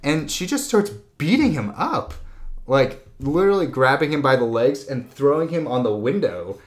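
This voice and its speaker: A man's voice: a little high, very animated, moderate pace. A man in casual chat, retelling a movie plot in a rambling way, full of "like" and "blah, blah.". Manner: rambling, heavy use of "like" and "blah, blah".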